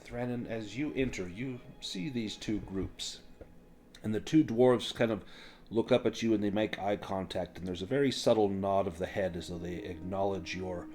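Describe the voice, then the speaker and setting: A man narrating as game master of a tabletop role-playing game, in a casual, halting way with frequent fillers. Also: fairly low pitch, darkish tone.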